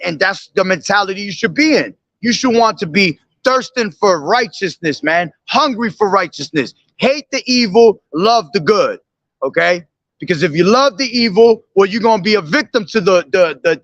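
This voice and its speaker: A man street preaching, reading scripture verses slowly and explaining them, checking in with repeated "okay?" and "all right?". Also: high voice, lively intonation, fairly bright tone, no room sound, highs cut off.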